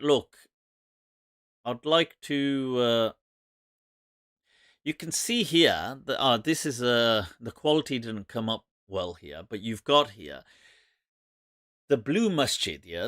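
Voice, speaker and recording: A man hosting a live Islamic Q&A stream, talking in an animated, sarcastic and mocking way. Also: medium pitch, no echo, clean studio sound.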